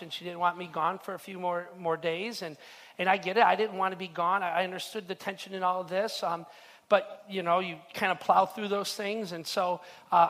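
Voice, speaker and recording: A man's voice: high voice, a bit bright. A middle-aged man preaching a sermon as the pastor, telling a personal story earnestly with frequent stammered restarts. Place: church hall. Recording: long hall reverb.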